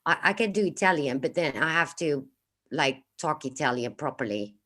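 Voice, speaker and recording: Woman, low voice, hesitant chat. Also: expressive, normal speed, fairly bright tone. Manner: hesitant, many fillers and restarts, playful. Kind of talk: casual livestream chat.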